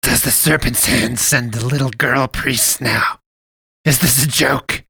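A man voicing a fat, wheezing older priest who talks slowly and mockingly. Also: mid-range voice, vocal fry, bright, forceful tone, slightly rough, no room sound, voice pushed up, exaggerated voice. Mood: smug mocking. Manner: slow, smug, mocking.

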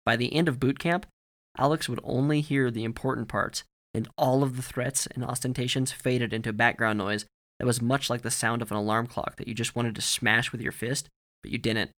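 In scripted audiobook narration, a man tells a story with a measured, steady reading voice pitched in the mid-range.

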